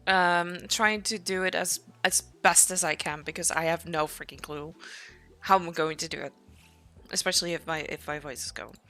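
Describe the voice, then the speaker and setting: A woman's voice: mid-range voice, pushed and bright. A woman streamer chatting casually to her viewers, rambling with lots of fillers, her voice tired from a long day of talking. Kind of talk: casual live-stream chat.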